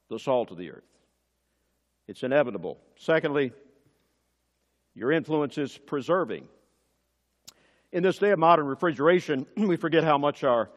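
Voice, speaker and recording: A man preaching a sermon as pastor, building to emphatic, forceful peaks and dropping back to quiet asides. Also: muffled recording. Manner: emphatic preaching with sudden rises in pitch and force. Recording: long hall reverb.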